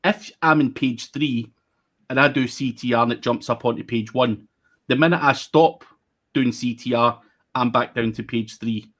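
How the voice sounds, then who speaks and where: A man's voice: medium pitch, a bit bright. A man speaking as a guest on a livestream panel, giving blunt, casual advice from his own experience. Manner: blunt, talks from own experience, quick asides.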